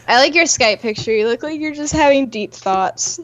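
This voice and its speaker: A woman's voice: high-pitched, expressive, moderate pace, highs cut off, a little hiss or hum. A young woman co-hosting a casual chat show, telling rambling stories with lots of giggling over a call microphone. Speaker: co-host.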